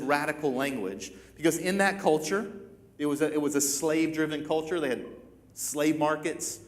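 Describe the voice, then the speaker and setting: A man in his thirties delivers an emphatic sermon, circling back over his phrases and restarting them to drive points home. His voice sits on the higher side for a man. The sound rings with long reverb from a large hall. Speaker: pastor.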